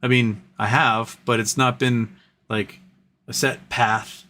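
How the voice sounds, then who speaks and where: A man's voice: medium pitch, level tone, slow, bright, forceful tone. A man hosting a casual livestream, reading chat messages aloud and answering them in an earnest, rambling way with frequent restarts.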